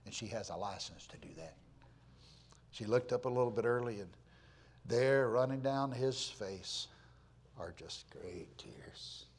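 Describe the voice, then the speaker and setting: A man, preaching in a folksy storytelling way, repeating words for weight and swinging from loud to hushed. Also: medium pitch, normal speed, pauses often. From Florida, USA. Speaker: pastor. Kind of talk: storytelling sermon.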